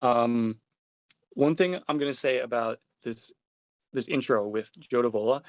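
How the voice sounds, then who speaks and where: A man hosting a casual chat show, telling stories with animated energy and some casual swearing. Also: mid-range voice, unhurried, no echo, lo-fi sound. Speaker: podcast host.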